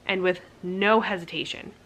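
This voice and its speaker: A young woman talks straight to camera, relating a personal story in a casual, candid way. Her voice sits a little low but sounds bright and forward. She peppers her speech with "like" and laughs at herself now and then. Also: steady tone, moderate pace, a little hiss or hum. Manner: chatty, candid, frequent "like" fillers, laughs at herself. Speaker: vlogger telling her birth story.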